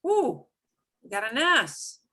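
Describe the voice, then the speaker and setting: A woman's voice: medium pitch, sing-song, slow, pushed and bright. A middle-aged woman teaching a language lesson, explaining patiently with lots of repetition and emphatic examples. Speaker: Spanish teacher.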